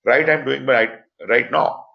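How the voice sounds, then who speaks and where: Male instructor, Pakistani accent, explanatory online lecture voice, medium pitch, muffled web audio. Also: unhurried, creaky. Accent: Pakistani English. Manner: explanatory, stresses points with voice inflections. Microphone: computer mic for online class.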